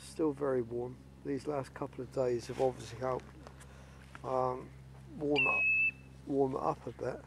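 Out by a lake in the evening, a vlogger films a fishing match, chatting casually to camera and bantering with friends. His medium-pitched voice is expressive, creaky and unhurried, with faint ambient noise in the outdoor recording.

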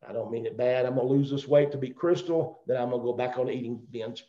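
A man's voice: medium pitch, fairly quick, warm tone. A middle-aged man with a Southern accent giving a rambling, joking motivational talk on a video call. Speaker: guest speaker on a company call. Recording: roomy, dull video call audio.

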